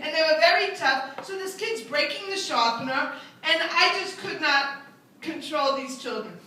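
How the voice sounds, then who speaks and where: A woman's voice: high-pitched, lively intonation, normal speed, pushed and bright. A woman in her sixties telling a live stand-up story, chatty and self-mocking, often slipping into character voices. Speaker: stand-up comedian. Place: live comedy venue with an audience. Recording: very echoey room, mic at a distance.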